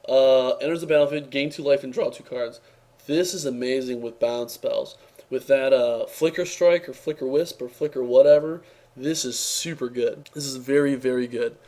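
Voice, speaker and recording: A man's voice: medium pitch, moderate pace, dark tone. A young man with a tired, strained voice, giving an offhand, sarcastic review in casual speech, full of fillers and restarts. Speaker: card game reviewer.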